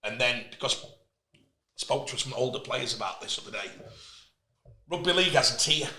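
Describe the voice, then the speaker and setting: A man's voice: medium pitch, normal speed. Passionate man, echoey room. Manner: passionate, animated storyteller. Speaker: host, player agent. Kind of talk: casual interview chat.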